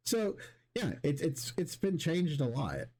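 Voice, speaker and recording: A man's voice: fairly high pitch, big pitch swings, a little slow, mellow. A man streaming and talking casually to his chat, rambling with many restarts and casual swearing.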